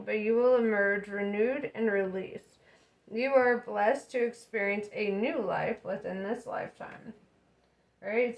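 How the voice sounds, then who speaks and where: A young woman giving a casual tarot reading, chatty and relaxed, with plenty of fillers and frequent laughter. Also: fairly high pitch. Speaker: tarot reader.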